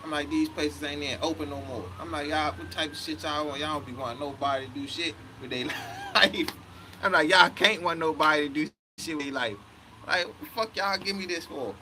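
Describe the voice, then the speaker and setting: A man's voice: fairly high pitch, brisk, background noise. A man in his thirties telling a story in a heated, profane way, often quoting himself. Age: 30s. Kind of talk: casual storytelling rant.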